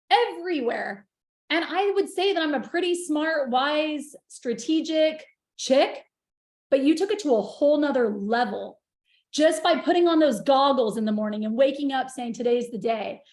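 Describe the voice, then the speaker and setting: Woman, high voice, gushing and passionate, video call in an echoey room. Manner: gushing, passionate, wells up with emotion. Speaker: guest on a group video call. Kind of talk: emotional casual sharing.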